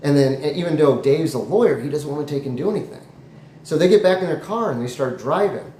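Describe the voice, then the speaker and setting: Rambling comic storyteller, echoey room. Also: male voice, on the high side, fast. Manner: rambling, animated, with jokey asides. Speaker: comedy storyteller. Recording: echoey room, faint noise.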